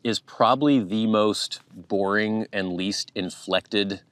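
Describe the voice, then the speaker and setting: Guy w a pacific northwest accent, kinda low voice, flat even chatty vlog rambling. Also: takes it slowly, dry recording. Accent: Pacific Northwest American. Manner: musing, thinking aloud. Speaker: vlogger. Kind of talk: casual chat to camera.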